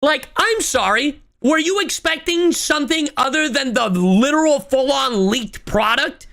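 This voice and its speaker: A young woman with a high, gravelly, fairly bright voice speaks animatedly and a little slowly. Streaming live, she rants in exasperation with plenty of swearing as she reads and answers her chat and thanks subscribers.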